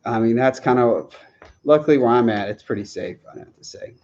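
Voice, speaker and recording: A man's voice: medium pitch, fairly quick, darkish tone, lo-fi sound. A man chatting casually on a livestream Q&A, rambling, chuckling often and restarting his sentences. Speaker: livestream host answering viewer questions.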